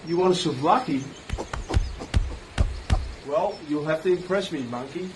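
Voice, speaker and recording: An actor in an old television advert, teasing and talking loudly. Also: male voice, fairly high pitch, a little slow, close to an everyday voice. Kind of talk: commercial voice acting. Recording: old TV ad clip, noisy, from far.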